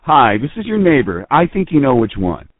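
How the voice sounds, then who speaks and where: A man's voice: mid-range voice, very animated, a little fast, dry recording. A man playing a furious accusing neighbor. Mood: stern. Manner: threatening, shouting accusations. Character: furious male neighbor, middle-aged, accusing. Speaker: angry neighbor in a prank recording. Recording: tinny phone line.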